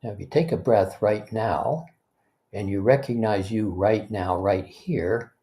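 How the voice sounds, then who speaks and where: A man as a spiritual teacher, leading a guided meditation talk in a gentle, unhurried way, pausing for breaths and restarting phrases conversationally. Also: fairly low pitch. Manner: gentle, unhurried, leads listeners through breaths.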